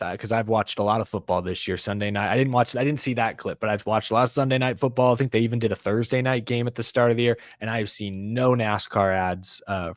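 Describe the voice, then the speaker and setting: A man's voice: lowish voice, no echo, studio quality. A man hosting a casual racing podcast chat, leading the talk and running through standings. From American South. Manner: animated, runs through stats, leads the discussion. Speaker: podcast host.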